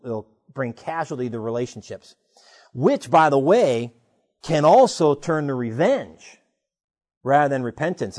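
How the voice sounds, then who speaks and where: A man preaching a sermon in a conversational, animated way, retelling stories and asking rhetorical questions. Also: a little high. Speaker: pastor.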